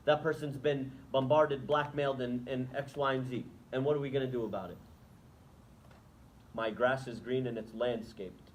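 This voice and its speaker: A man's voice: medium pitch, a little hiss or hum, rough recording. Guy giving a religious talk to students in a lecture room, chatty, keeps asking the crowd stuff. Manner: conversational, asks the audience rhetorical questions.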